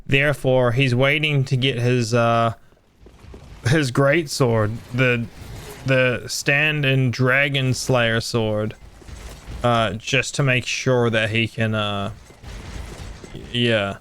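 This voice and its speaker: A man's voice: medium pitch, steady tone, slow pace, fairly bright tone, a little hiss or hum. A young man chatting casually with friends while playing a video game, joking, teasing and swearing freely. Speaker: gamer streaming with friends. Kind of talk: casual gameplay chat.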